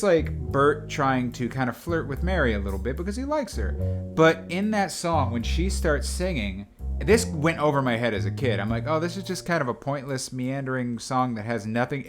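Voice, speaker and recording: A man chats casually as co-host, mid-pitched and animated, often slipping into acted film lines. Guitar music plays clearly behind him. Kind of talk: casual chat.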